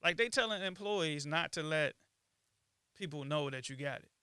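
A man co-hosting a podcast, speaking in casual chat with a reflective, halting manner full of ums and restarts. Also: fairly high pitch, lively intonation, sharp tone, clear, resonant tone, dry recording, clean studio sound. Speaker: podcast co-host.

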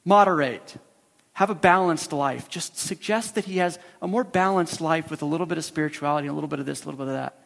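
A man voicing a sly, scheming older male demon mentor in a hushed, insinuating murmur, in a reverberant hall. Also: on the high side, fast talker, creaky. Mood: coaxing.

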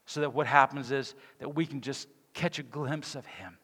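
A male pastor preaching a sermon with passion, swinging between loud exclamations and hushed, quiet lines. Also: medium pitch, a little fast, few pauses, husky. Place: church sanctuary. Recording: long reverb of a church hall.

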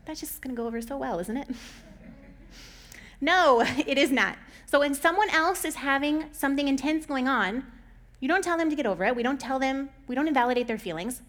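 A woman in her thirties giving casual advice, talking conversationally, laughing often and acting out little quoted lines. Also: a little high.

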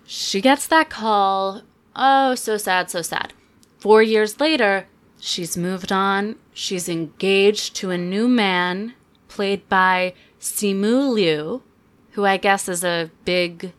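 A young woman hosting a podcast, chatting casually and sarcastically about a movie with quick asides. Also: mid-range voice. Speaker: podcast host. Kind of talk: casual chat, movie review.

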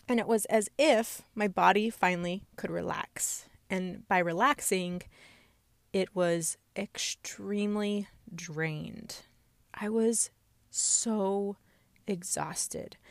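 A woman's voice: mid-range voice, dry recording. A woman candidly telling a personal story in a reflective way, with many fillers.

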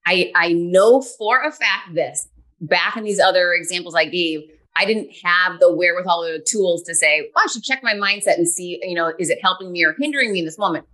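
A woman in her forties, a podcast guest telling her story in an energetic, animated way. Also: fairly low pitch, brisk. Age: 40s. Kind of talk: podcast interview.

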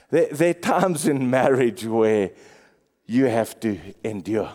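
A male pastor preaching a sermon, swinging between excited highs and hushed lows. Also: slow pace. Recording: long reverb.

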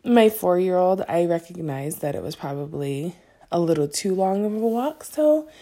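A woman's voice: on the low side, lively intonation, moderate pace, dark tone. A young adult woman, a mother, telling a personal story in a candid, self-critical vlog style that grows agitated. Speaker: mother vlogger.

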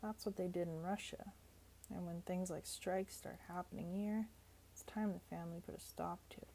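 A woman's voice: fairly low pitch, fairly even intonation, moderate pace, vocal fry, dark tone, slight background noise. A woman doing a wheezy old mother. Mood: bossy. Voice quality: wheezing, heavy breathing. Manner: bossy, self-righteous. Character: wheezy older working-class London mother.

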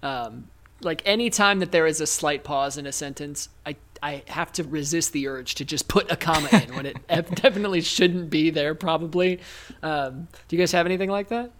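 A podcast host chatting loosely with friends, mid-pitched and easygoing. The talk rambles and is broken up by frequent laughs. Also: moderate pace, fairly bright tone. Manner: playful, laughs often, rambling. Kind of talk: casual chat.

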